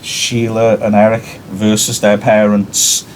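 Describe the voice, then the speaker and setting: A man's voice: lowish voice, monotone, slow pace, slight background noise. A man from the United Kingdom, a teacher, reading a play aloud to his class and adding chatty, wry, self-mocking commentary.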